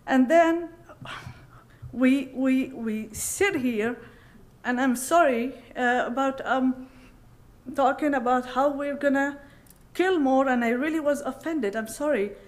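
A woman in the audience at a panel, asking an emotional, halting question and apologizing often. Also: a little high. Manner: impassioned, halting, repeatedly apologizing. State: upset, emotional. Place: conference hall.

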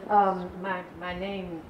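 An older woman from San Antonio tells local stories to a crowd, chatty and rambling, with a slightly low voice. The sound is dull and echoey, as if picked up from far back in a large room, with faint background noise. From San Antonio, Texas. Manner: chatty and rambling, with laughs and restarts. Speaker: community speaker. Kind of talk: storytelling talk to an audience.

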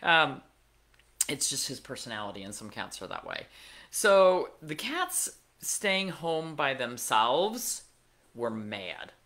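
A woman's voice: rumbling low, wildly swooping pitch, slow pace, a bit bright. A middle-aged woman hosting a pet podcast, telling a casual story with wry asides and plenty of fillers. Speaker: veterinarian podcast host.

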